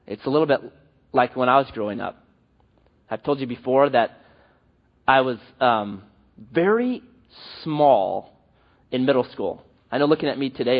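A man preaching a sermon, animated and acting out the voices he quotes. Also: fairly high pitch, dull audio. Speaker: pastor.

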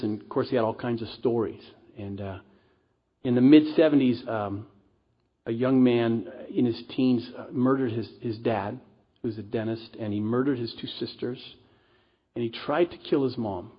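A middle-aged male pastor delivering a sermon in a church, with a husky, slightly breathy voice. He preaches earnestly but conversationally, slipping into casual asides. The recording sounds dull and lo-fi. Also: medium pitch.

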